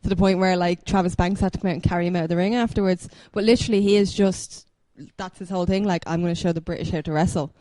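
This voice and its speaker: Woman, podcast co-host, rapid chat, dark mellow tone, dry close sound. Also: lowish voice, fairly even intonation, dry recording. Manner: quick talker, uses "like" a lot. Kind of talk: casual chat.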